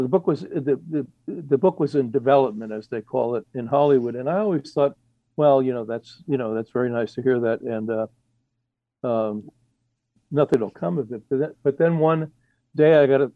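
A man's voice: medium pitch, no echo, phone-quality sound. A man, an author as guest, talking in a rambling, hesitant way with many fillers and restarts, over a remote connection. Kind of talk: casual interview.

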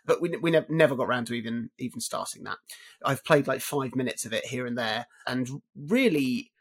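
Husky man chatting about games. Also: medium pitch, normal speed. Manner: relaxed, rambling, with frequent restarts. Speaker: podcast co-host. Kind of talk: casual chat about video games.

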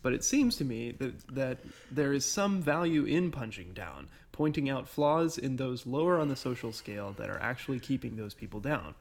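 A man's voice: mid-range voice, animated, normal speed, vocal fry, hardly any pauses. A man co-hosting a podcast, easygoing and reflective, reading out listener comments and chuckling. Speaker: podcast co-host.

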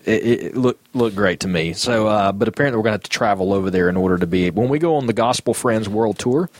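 Halting low-voiced male podcast host. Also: dry recording. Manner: halting, many fillers, reads listener comments. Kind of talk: casual podcast chat.

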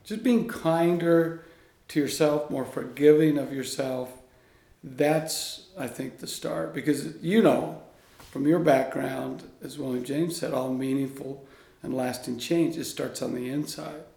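A man guest in an interview, a coach speaking in an earnest, animated storytelling way. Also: medium pitch, unhurried, creaky. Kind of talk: conversational interview. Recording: echoey room.

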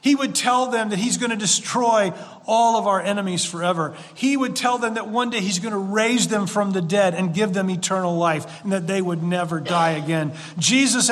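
A man with a notably high voice preaches a sermon in an earnest, conversational way, dropping folksy asides as he goes. His words ring out with a long reverb, as if in a church sanctuary. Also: a bit bright. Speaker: pastor.

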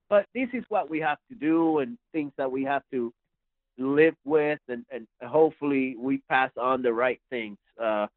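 As a podcast guest, a man with a mid-range voice tells a story casually, rambling and repeating himself. The sound is dry and tinny, like a phone line, with no echo.

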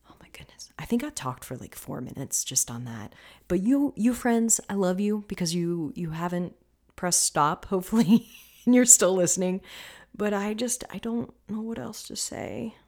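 A woman's voice: deep voice, darkish tone. A woman hosting a podcast as a coach, talking casually and passionately, swearing freely and sometimes dropping into a whisper.

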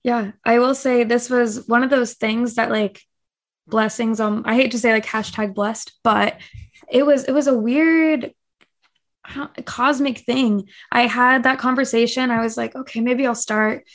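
A woman's voice: fairly high pitch, steady tone, measured pace. A young woman as a podcast guest, chatting casually and acting out quotes with lots of fillers. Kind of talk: casual interview chat.

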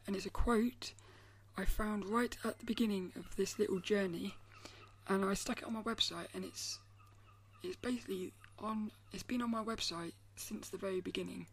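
A woman hosting a solo podcast, talking in a thoughtful, musing way and often trailing off into soft, near-whispered asides. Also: mid-range voice, steady tone, normal speed, slight background noise. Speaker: podcast host. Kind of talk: reflective solo podcast talk.

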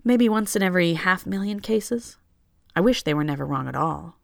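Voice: mid-range voice, animated, moderate pace, vocal fry, dry recording, studio quality, pitched above the performer's own voice. A reader voicing a nervous, apologetic young woman who speaks hesitantly. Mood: rueful.

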